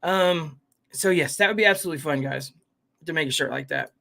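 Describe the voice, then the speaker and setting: Brisk and a little high, this livestream host's voice has vocal fry and a sharp tone. He rambles through casual chat, calling out viewers by name, reading comments, and saying "guys" and "fam" over and over.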